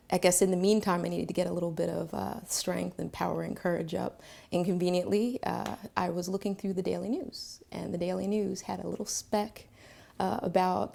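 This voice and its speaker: A woman telling a personal story to camera, reflective, pausing often on fillers. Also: lowish voice, vocal fry, dark tone. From Philadelphia, Pennsylvania. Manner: reflective, with frequent filler pauses.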